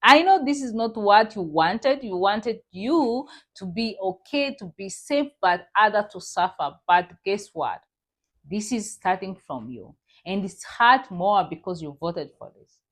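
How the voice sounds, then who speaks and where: A woman's voice: medium pitch, expressive, a little slow, a bit bright, slightly rough. A woman hosting a reaction vlog, delivering indignant commentary and repeating her points to her viewers.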